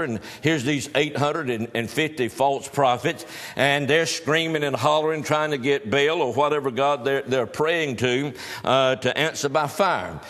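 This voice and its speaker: A man's voice: a little high, a bit bright, big-room sound. A male pastor preaching a sermon in a folksy storytelling manner, with teasing humor.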